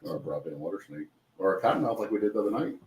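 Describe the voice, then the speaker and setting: A man in his forties with a very deep voice who talks quickly. He tells his stories in a relaxed way, and the room adds a clear echo. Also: slight background noise. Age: 40s. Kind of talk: casual chat. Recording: roomy echo.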